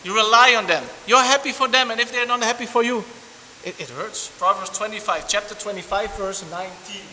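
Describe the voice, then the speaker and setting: Animated high-voiced preacher in a reverberant church. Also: male voice, brisk. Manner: animated, repetitive preaching with frequent restarts and asides. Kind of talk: sermon. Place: church hall. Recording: long church reverb, faint hiss.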